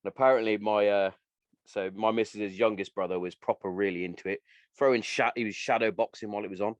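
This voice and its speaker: A man's voice: lowish voice, fairly even intonation, fast talker, no echo, muffled recording. A man hosting a casual podcast from his garden shed, talking bluntly and crudely with plenty of laughs. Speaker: podcast host.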